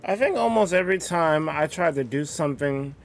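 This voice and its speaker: A man's voice: a little high, animated, fairly quick, slight background noise. A man streaming a game, chatting casually with many fillers and restarts. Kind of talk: casual gaming stream chat.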